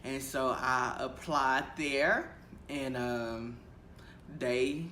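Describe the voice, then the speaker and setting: Animated young man in an echoey room. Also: mid-range voice, extremely slow. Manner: animated, acts out quoted voices, laughs often. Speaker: teacher. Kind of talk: casual storytelling vlog. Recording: echoey room with faint ambient noise.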